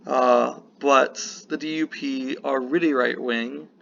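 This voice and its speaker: Speaking slowly in a mid-range, steady voice that's gravelly yet fairly bright, this American political vlogger gives casual commentary. He wanders from point to point and interrupts himself with apologetic asides, with the audio a bit muffled and faintly hissing.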